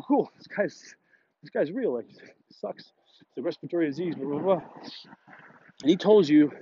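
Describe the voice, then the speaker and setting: A man's voice: mellow, muffled recording, slight background noise. A man hosting a podcast, telling rambling, profane stories in a casual monologue. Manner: rambling, profane, jumps up in pitch for quoted voices. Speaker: podcast host.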